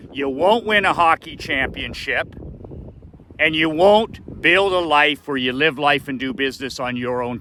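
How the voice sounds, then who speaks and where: A man's voice: mid-range voice, bright, forceful tone, slight background noise, voice pushed up, poor audio. A man voicing his stern father, an older man who bluntly scolds his son. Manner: blunt, lecturing, emphatic.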